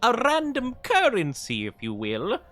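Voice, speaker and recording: A pompous villain clown, played by a man, drawing every word out in lofty, overblown speech. The voice sits high and bright, gliding through wide swings of pitch. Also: wildly swooping pitch, a little slow, faint music behind, full character voice. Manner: over-elaborate posh speech, drawn out.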